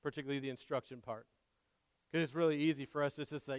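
A man, a father, preaching a sermon in an earnest way, repeating words and moving between soft asides and loud emphasis. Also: medium pitch, fairly even intonation, quick pace, in a large hall. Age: adult father. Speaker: pastor.

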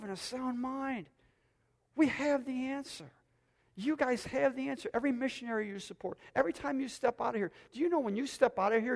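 Excited high-voiced preacher with gravelly edge. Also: male voice. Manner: excited, near-yelling exhortation. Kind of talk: sermon. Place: church sanctuary with congregation. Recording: long hall reverb.

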